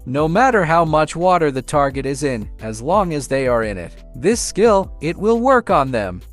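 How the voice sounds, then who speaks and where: A man's voice: on the high side, very animated, normal speed, faint music behind. Man reading as Lloyd, a fawning young conman. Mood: scheming. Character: scheming young male conman, smooth talker.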